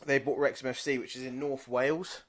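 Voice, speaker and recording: An Englishman in his thirties co-hosts a podcast, rambling through sweary anecdotes and laughing in casual chat. His mid-range voice is delivered flatly and a little fast.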